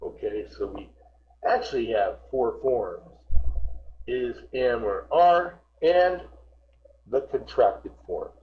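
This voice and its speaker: Slow, patient male teacher on a video call. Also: medium pitch, lively intonation, lo-fi sound. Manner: patient, repeats words slowly to correct pronunciation. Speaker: English teacher. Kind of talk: online group class instruction.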